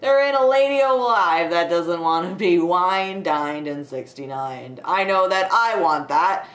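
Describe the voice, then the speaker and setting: A woman's voice: fairly low pitch, animated, unhurried, fairly bright tone. A young woman ranting about a film she watched, sarcastic and foul-mouthed, with frequent laughter. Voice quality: sarcastic, profane, laughs often. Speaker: video creator reviewing a film. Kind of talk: casual ranting film review. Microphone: home setup with a desk light. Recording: echoey room.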